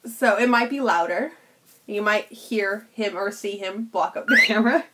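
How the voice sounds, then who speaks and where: A woman's voice: mid-range voice, moderate pace, heavy background noise. A woman streaming cosplay work from home, chatting casually with viewers and her pet bird, laughing often. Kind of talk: casual live stream chat.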